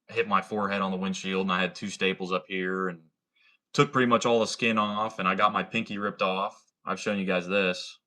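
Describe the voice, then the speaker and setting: A man's voice: deep voice, bright, forceful tone. A young man from Ohio with a slight country accent, chatting casually on a livestream, laid-back and swearing freely. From Ohio, USA. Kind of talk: casual livestream chat reading comments.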